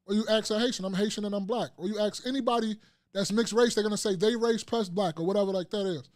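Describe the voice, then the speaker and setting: A man talking on a casual podcast who makes his case in long, insistent stretches. He acts out back-and-forth quotes as he goes. His voice is notably high for a man, and the sound is dry and close. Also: fast, darkish tone, no room sound. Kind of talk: casual discussion.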